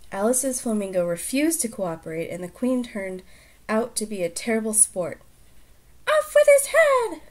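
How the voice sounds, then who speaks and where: A woman who reads a storybook aloud and then chats casually, soft-spoken and often dropping to near-whispers. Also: lowish voice.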